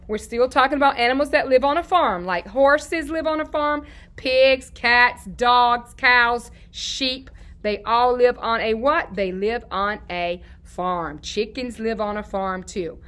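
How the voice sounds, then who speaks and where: Bright-voiced woman teaching young children. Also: a little high. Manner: sing-song, repeats key words slowly; asks questions and answers them herself. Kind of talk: children's lesson to camera.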